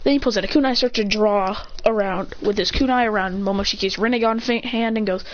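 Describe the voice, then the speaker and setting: A speaker excitedly retelling a fan-made story, rambling and breaking into shouted sound effects and voiced lines. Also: mid-range voice, brisk, hardly any pauses. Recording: dull lo-fi mic with faint hiss.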